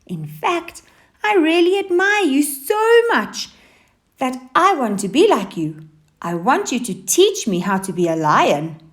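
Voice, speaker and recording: A woman voicing a whiny, eager young female hyena in a storybook reading, pleading in a high, loud voice. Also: sing-song, unhurried.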